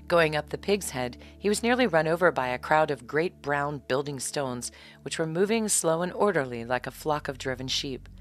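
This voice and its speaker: A woman calmly narrating a bedtime storybook in a steady reading voice. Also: very deep voice.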